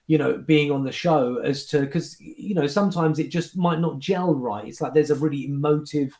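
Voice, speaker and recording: A man, a guest magician, chatting casually and telling backstage stories in an animated, restart-heavy way. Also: on the high side, normal speed, reverberant. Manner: animated storyteller, restarts and fillers. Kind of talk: casual chat recounting anecdotes.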